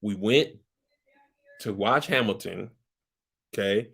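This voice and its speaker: A man voicing an indignant young woman royal, protesting in a high, squeaky, offended voice. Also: takes it slowly, vocal fry, fairly bright tone, husky, full character voice. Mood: defensive.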